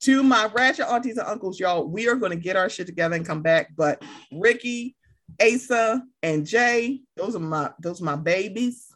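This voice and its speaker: Animated woman giving playful shout-outs. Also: mid-range voice, moderate pace. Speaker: podcast guest. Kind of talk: casual chat.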